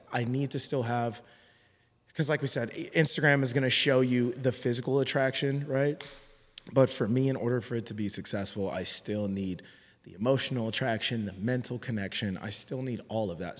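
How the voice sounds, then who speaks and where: Earnest man talking in a reverberant room. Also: mid-range voice. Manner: earnest, hesitant with many restarts. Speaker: podcast guest. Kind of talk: casual podcast conversation. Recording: long hall reverb.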